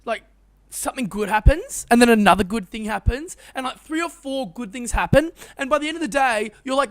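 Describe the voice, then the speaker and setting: A man co-hosting a casual podcast from his parents' house over a call, tired but excitable and rambling. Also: very high voice, fairly quick. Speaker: podcast co-host.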